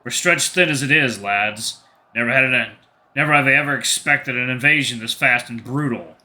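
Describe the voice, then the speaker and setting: A man voicing a middle-aged male bull, a seasoned fighter, speaking loudly in a put-on regional accent while reading a game aloud. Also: mid-range voice, moderate pace, poor audio. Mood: weary.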